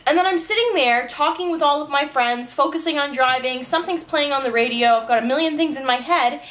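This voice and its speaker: A young woman with a fairly high voice chats into the camera at home, still in her morning voice just after waking up. She rambles easily, filling her talk with "like" and "you know.". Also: brisk, a bit bright. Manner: chatty, rambling, says "like" and "you know" often. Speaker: vlogger. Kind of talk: casual vlog monologue. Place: at home, indoors.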